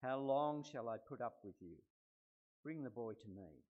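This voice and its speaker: A man reading aloud the words of a stern, authoritative teacher and healer, in a measured, earnest way. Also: medium pitch, expressive, phone-quality sound.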